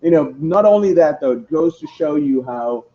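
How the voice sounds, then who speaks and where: A man's voice: a little high, animated, normal speed. A man hosting a casual car walkaround livestream, chatty and rambling with many fillers. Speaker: host. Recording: dull lo-fi livestream audio, faint noise.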